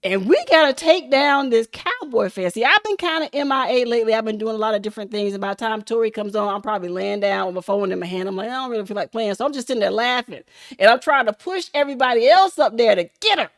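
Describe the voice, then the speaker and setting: A woman hosting a casual livestream, chatting and laughing with viewers in an animated, hyped-up way. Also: on the high side, quick pace. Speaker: livestream host.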